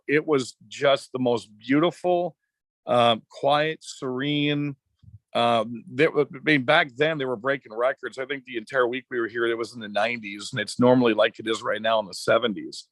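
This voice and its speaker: A middle-aged man from Wisconsin recounts events in a casual, chatty way and acts out bits of dialogue. His voice sits at an ordinary pitch. The recording is dry, with no room sound. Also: normal speed, dry recording. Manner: chatty, animated anecdotes with quoted dialogue. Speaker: podcast guest, former racetrack announcer. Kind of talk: casual storytelling.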